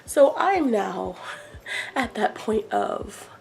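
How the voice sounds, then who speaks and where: A woman vlogger telling an exasperated story in a casual rant, animated as she acts out what people said. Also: mid-range voice, extremely slow, vocal fry, a little hiss or hum, poor audio. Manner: exasperated, animated retelling with acted quotes.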